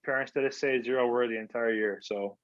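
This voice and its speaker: A man's voice: mid-range voice, fairly even intonation, a little fast, no room sound. A man, a former hockey player, telling stories in a casual interview, laid-back and rambling with lots of fillers. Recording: dull lo-fi remote audio.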